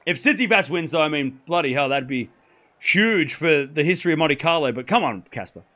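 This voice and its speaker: A hoarse man hosting a live tennis stream, talking excitably and rambling while chatting with viewers. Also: a little high, brisk. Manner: excitable, rambling, self-correcting. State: hoarse from hours of shouting.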